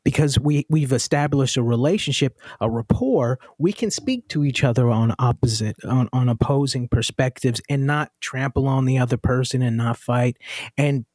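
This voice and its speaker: A man speaking as a podcast guest, reflective and earnest, with many fillers and pauses. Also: medium pitch, a little mellow, dry recording, studio quality. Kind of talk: casual conversational podcast chat.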